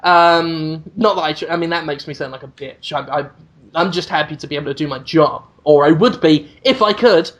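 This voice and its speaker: A man's voice: fairly high pitch, a little fast, a bit bright. A man hosting a podcast, ranting in casual chat, swearing freely and mocking people in put-on voices. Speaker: podcast host.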